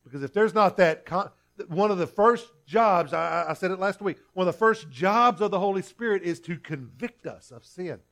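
A man's voice: high voice, lively intonation, normal speed, few pauses, a bit bright. A male pastor preaching a sermon earnestly, often restarting and repeating himself.

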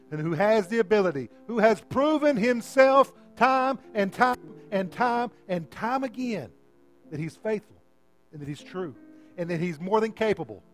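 Pastor guy preaching, kinda high voice, really pleading with folks, soft music under him. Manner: impassioned, pleading with listeners. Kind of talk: sermon. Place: church sanctuary. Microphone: handheld microphone.

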